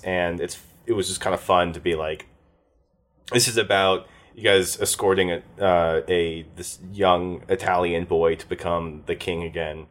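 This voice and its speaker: Casting note: very low-pitched man, game master in a loose post-session chat, rambly, lots of ums. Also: a bit bright. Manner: rambling, many fillers and restarts.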